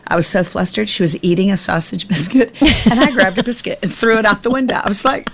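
A middle-aged woman Bible teacher telling a family story in an animated, self-deprecating way during a conversation. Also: fairly low pitch, creaky, a little hiss or hum. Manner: self-deprecating, emphatic, quick to laugh at herself.

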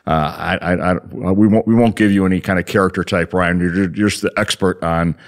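Co-host, male, deep and quick, stumbles over restarts, chatty. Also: steady tone, gravelly. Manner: hesitant, repeats words, fillers, trails off softly. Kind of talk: radio talk show chat.

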